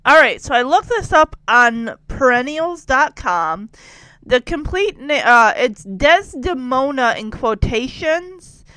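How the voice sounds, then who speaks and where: Chatty giggly woman narrating, high voice, really animated, dry close sound. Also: slow pace, dry recording, poor audio. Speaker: vlogger. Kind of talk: casual commentary.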